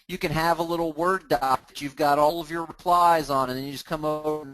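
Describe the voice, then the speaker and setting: Casual man walking through software on screen. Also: fairly high pitch, steady tone, fairly quick, slight background noise, poor audio. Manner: casual, narrates his clicks, often restarts words. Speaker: host of a mortgage training group. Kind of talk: live screen-share software walkthrough.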